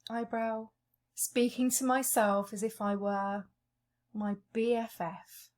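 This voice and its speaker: Slow, gentle woman guiding a tapping session. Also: fairly high pitch, fairly even intonation. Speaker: EFT tapping practitioner.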